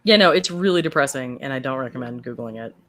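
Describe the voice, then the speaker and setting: Animated woman co-host with lively pitch. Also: fast talker. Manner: animated, stumbles over her words, emphatic. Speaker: podcast co-host. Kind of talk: casual chat.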